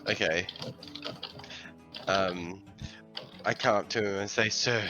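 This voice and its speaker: A man plays a tabletop game, measured and polite, pausing often. His voice is very low and slow, picked up on a slightly dull lo-fi mic with faint music. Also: fairly even intonation, sharp tone. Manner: hesitant, polite, many ums. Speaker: player. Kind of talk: tabletop game play, casual chat.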